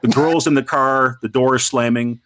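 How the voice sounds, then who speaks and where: A man's voice: mid-range voice, moderate pace. A man narrating as game master in a loose, filler-heavy way. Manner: relaxed, wordy, with many fillers.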